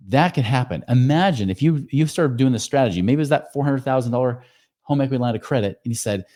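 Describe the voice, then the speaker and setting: A man's voice: mid-range voice, expressive, quick pace, mellow. A man hosting a finance podcast, walking through loan numbers in an emphatic, explanatory way. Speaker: podcast host, financial advisor.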